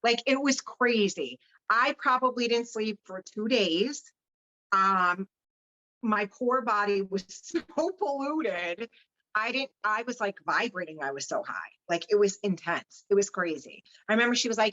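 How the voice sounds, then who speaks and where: Recounting her personal story as a podcast guest, a woman speaks frankly and without a filter, cursing freely and acting out what others told her. Her voice is mid-range, expressive, pushed and bright, at normal speed, in a slightly dull recording.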